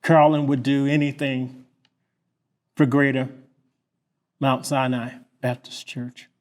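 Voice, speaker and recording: Kentucky pastor, man, real slow halting tribute speech, kinda reflective. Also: medium pitch, level tone. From Lynch, Kentucky.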